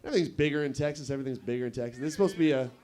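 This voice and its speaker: A man's voice: medium pitch, very fast, mellow. A young man from Nevada performing a stand-up set at a comedy club, rambling and offhand, with asides to the crowd. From Nevada, USA. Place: comedy club stage with live audience.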